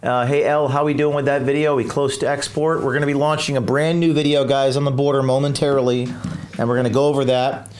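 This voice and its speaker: A man's voice: medium pitch, level tone, fast talker, darkish tone, a little hiss or hum. A man hosting a live stream, talking in a rambling, combative way, reading viewer comments and replaying clips.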